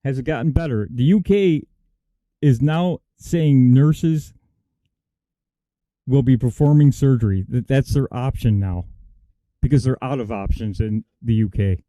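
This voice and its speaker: A man's voice: mid-range voice, a little slow, long pauses, warm tone, dry recording. A man, co-hosting a casual political talk show in an emphatic, indignant way.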